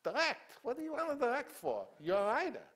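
A man's voice: brisk, husky, heavily acted. An older man doing a squawking old studio boss. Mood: insistent. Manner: high excited squawk, repeats words insistently. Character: fussy little old male studio boss.

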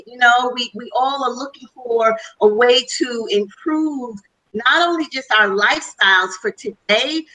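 A woman telling her own story as a panelist on a conference call, speaking emphatically and repeating herself for stress. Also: high-pitched. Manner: emphatic, repetitive, animated storytelling. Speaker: panelist sharing testimony. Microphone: conference call line. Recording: distant from the mic.

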